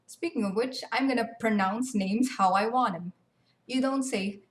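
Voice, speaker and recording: A young woman giving a casual, sarcastic rant about video games. Her voice sits in a middle register and she swears freely. She sounds animated throughout. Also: medium pitch, normal speed. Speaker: gaming video commentator. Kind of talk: ranting game commentary.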